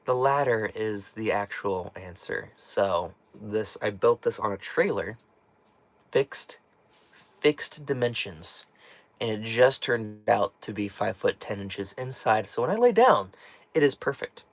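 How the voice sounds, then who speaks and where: A chatty man laughs and jokes his way through a laid-back live stream from a small tiny house while reading questions from chat. His lowish voice is expressive and a little slow, with occasional cracks, and the audio carries no room sound.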